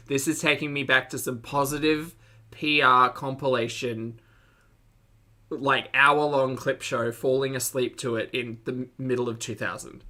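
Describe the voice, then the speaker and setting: A man with an Australian accent giving casual reaction commentary, chatty and giggly, often breaking into loud excited laughter. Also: mid-range voice, normal speed.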